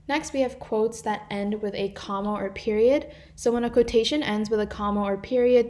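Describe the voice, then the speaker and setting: With a dark tone and medium pitch, a teen girl explains grammar examples on slides while volunteering as a tutor for a live online class, occasionally using fillers and restarting.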